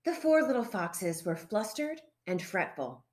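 A woman reading a children's picture book aloud, narrating in an expressive, playful way. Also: medium pitch, measured pace. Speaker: storyteller.

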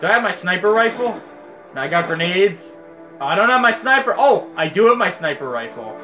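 A man giving casual, rambling and excitable commentary on a game he is playing. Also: sits high, a little fast. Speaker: let's play host. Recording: voice over game music.

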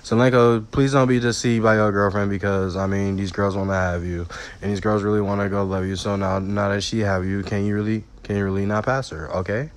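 A man's voice: on the low side, little pitch movement, fairly quick, clean tone. A young man rambling through a repetitive, half-sung freestyle rap.

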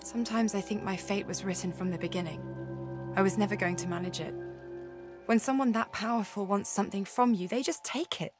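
A woman plays a haunted young woman in a video game who speaks in broken, hesitant phrases, her voice pitched in a middle register. She fights a demon lodged inside her, and faint music sits beneath her lines. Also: lightly acted. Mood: weary. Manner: halting, anguished, faltering speech. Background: soft game music.

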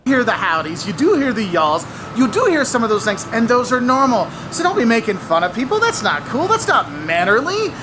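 A man's voice: very high voice, a little fast, few pauses. Man, travel vlogger, explanatory and teasing, street sounds around. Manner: lively, wry, explanatory. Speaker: travel video host. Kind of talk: travel vlog commentary. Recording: outdoor clip with street noise. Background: traffic and street ambience.

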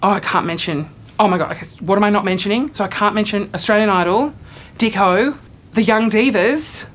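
A man's voice: high-pitched, fairly quick, a bit bright. A man playing a starstruck, scatterbrained thirty-year-old woman who wants to be a singer, squealing and gushing in a comedy sketch. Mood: flustered.

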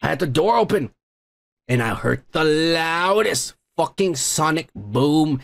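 A man's voice: on the high side, animated, unhurried, vocal fry. A man hosting a comedy podcast, ranting in an angry, rambling way, swearing often. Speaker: podcast host. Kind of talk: profane comedic rant.

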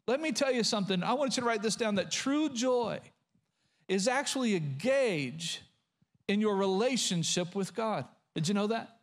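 A middle-aged male pastor preaching a sermon, reading scripture slowly and urging listeners to write down key points. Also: high-pitched. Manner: reads scripture slowly, coaxes the congregation to write things down.

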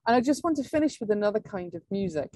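A neuroscience lecturer gives an academic conference talk, explaining with enthusiasm, laughing now and then, and restarting her sentences. Her voice is medium-pitched, animated, fast, and warm, and the recording is dry.

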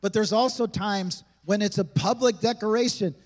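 Male pastor, high voice, emphatic conversational sermon, big hall reverb. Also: normal speed. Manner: emphatic, conversational preaching with rhetorical questions. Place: church sanctuary.

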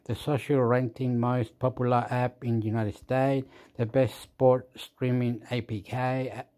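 A man's voice: level tone, unhurried, a little mellow. Rambling, scattered man. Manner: scattered, jumps between topics, frequent fillers and laughs; makes sound effects like boop and boom. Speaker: host. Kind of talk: rambling casual monologue.

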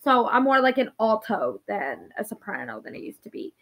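A woman's voice: medium pitch, very animated, moderate pace, fairly bright tone, rough recording. A young woman vlogging at home, emotional and apologetic, talking through tears. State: crying. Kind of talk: casual talk to camera.

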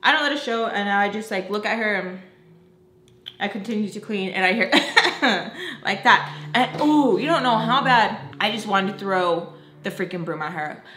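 A woman's voice: mid-range voice, normal speed, fairly bright tone, a little hiss or hum. A young woman vlogger telling a casual story, frank and profane, with lots of fillers. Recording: roomy echo.

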